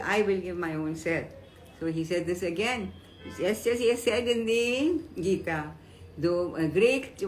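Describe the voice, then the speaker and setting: Older woman, spiritual teacher, devotional discourse, gentle and earnest, halting with restarts, faint room hum. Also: medium pitch. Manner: unhurried, halting, with many restarts and soft fillers; gentle and earnest, quoting the deity in a tender voice.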